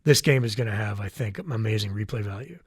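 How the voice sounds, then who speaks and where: A man's voice: fairly low pitch, quick pace, slightly rough, dry recording, clean studio sound. A man, a voice actor, chatting as an interview guest, enthusiastic and often restarting his sentences. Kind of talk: casual interview chat.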